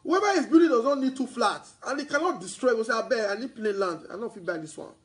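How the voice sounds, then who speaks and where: A man with a Nigerian accent pitches real estate to his viewers in a sales broadcast monologue, slipping Pidgin into his English and repeating himself as he grows loud and excited. His voice is very high and slightly rough, he talks fast, and the recording is low quality.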